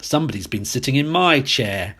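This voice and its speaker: A man's voice: mid-range voice, lively intonation, fairly quick, pushed and bright. A man voicing a great big father bear in a storybook reading, speaking in a growl. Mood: gruff.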